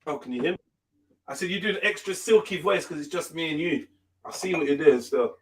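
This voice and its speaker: A man's voice: on the high side, lively intonation, a little fast, slight background noise. A man hosting a casual livestream chat. He talks in loose, teasing street slang. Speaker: livestream host.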